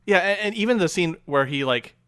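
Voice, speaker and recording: A man's voice: sits high, animated, a little fast, sharp tone, clean tone, no echo. Easygoing man, dry close sound. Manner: easygoing, laughs while retelling scenes. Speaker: podcast co-host. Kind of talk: casual film review chat.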